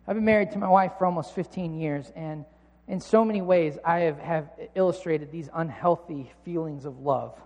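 A man in his thirties preaches with earnest conviction, then pokes fun at himself in a personal story. His voice sits high for a man. It carries with a long reverb, as if across a large church hall. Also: moderate pace, darkish tone, highs cut off. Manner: earnest, self-mocking storytelling. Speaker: pastor.

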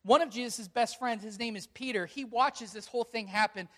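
A pastor delivers a sermon to a gathered congregation. The voice sits at a middle pitch and leans hard on key words, earnest and emphatic as the story unfolds. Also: brisk, a bit bright.

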